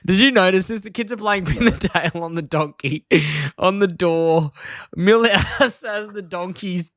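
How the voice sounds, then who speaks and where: A man's voice: high-pitched, unhurried, a bit bright, no room sound, clean studio sound. Man recapping scenes with laughs. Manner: retells scenes quoting lines, laughing often. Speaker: podcast co-host. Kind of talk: casual chat recapping an episode.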